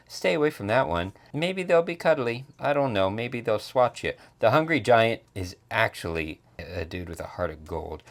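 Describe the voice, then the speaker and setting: A man narrating a casual board game unboxing as the channel's reviewer, joking playfully as he goes. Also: on the low side. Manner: playful, jokey commentary.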